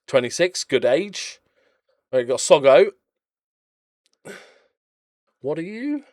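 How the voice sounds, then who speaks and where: Lively, rambling man commentating a game. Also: fairly high pitch, slow pace, no echo, clean studio sound. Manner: chatty, rambling, jokey and blunt, prone to rants. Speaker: game channel host. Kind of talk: casual gameplay commentary.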